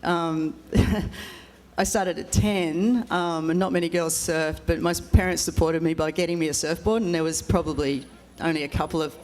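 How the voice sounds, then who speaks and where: A woman's voice: deep voice, fairly even intonation, moderate pace, a little mellow. A woman giving an emotional, hesitant acceptance speech, full of ums and small laughs. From Australia. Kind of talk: informal ceremony speech.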